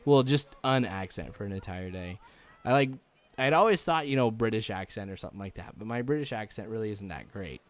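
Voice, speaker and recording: A man's voice: on the low side, lively intonation, a little fast. A young man giving rambling, chatty let's-play commentary, full of likes and ums, chuckling now and then. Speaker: gaming channel host.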